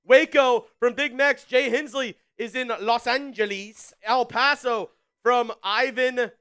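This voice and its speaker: A man's voice: very high voice, sharp tone, smooth. A man hosting a live football watch party in upbeat, casual chat, reading out viewer comments with frequent fillers and repeated phrases.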